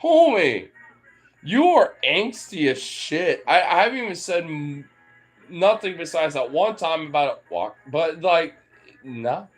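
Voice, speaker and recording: A man's voice: on the high side, big pitch swings, a little slow, soft background music. A young man talking playfully to his dogs, teasing them and swearing as he goes. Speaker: dog owner vlogger. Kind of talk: casual talk to his dogs.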